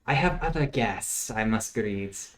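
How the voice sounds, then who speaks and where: A hushed, sinister fey warden, put on by a man for a tabletop game, speaking slowly and with a quiet menace. He weighs each word in an ominous, measured way. The recording carries a roomy echo. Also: lowish voice, expressive. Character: soft-spoken sinister male fey warden. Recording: echoey room.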